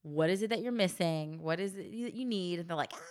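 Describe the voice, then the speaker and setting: A woman with a somewhat low voice in an easygoing conversation. She listens supportively, drops in frequent agreements, and then tells her own stories about family life. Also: fast, darkish tone. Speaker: parent. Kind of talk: casual chat.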